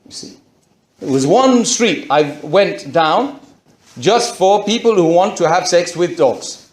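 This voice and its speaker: A man tells his personal story to an audience, raising rhetorical questions as he goes. His voice sits a little high and swings widely in pitch. The sound is roomy and echoey. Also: expressive, takes it slowly. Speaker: speaker giving a conversion testimony.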